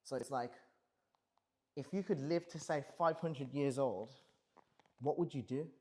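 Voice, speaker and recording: A man's voice: mid-range voice, measured pace, warm tone. A man in his thirties musing casually and profanely on a livestream, rambling through big questions. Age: 30s. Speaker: streamer.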